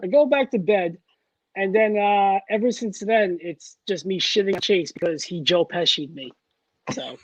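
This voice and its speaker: A man's voice: high voice, moderate pace, dry recording, muffled recording. A man co-hosting a casual podcast chat, telling a story animatedly and acting out the dialogue. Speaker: podcast co-host.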